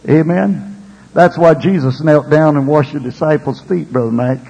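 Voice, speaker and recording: An older male pastor preaches with a high, husky voice that swells and drops. His words echo with a long reverb through a church hall, and he keeps calling "Amen" to the people. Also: a little slow, mellow. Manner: preacher's rising and falling delivery, calling out "Amen". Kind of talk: sermon.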